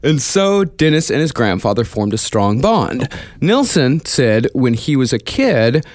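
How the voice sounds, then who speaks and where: Lively man telling a crime story. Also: mid-range voice, measured pace, no echo, clean studio sound. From United States. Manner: animated, joking, swears casually. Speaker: podcast host telling a true crime story. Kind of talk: casual true crime storytelling.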